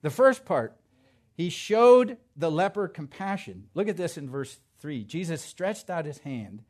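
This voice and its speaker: A male pastor preaching a sermon to his congregation, swinging from quiet asides to loud, emphatic declarations. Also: fairly high pitch, very animated, unhurried.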